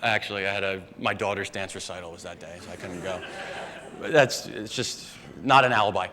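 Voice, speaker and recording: A man's voice: sits low, fairly quick, crowd noise. A young man doing a live stand-up set, rambling and conversational and swearing often. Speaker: stand-up comedian. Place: live comedy venue with audience. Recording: live room reverb, faint background noise.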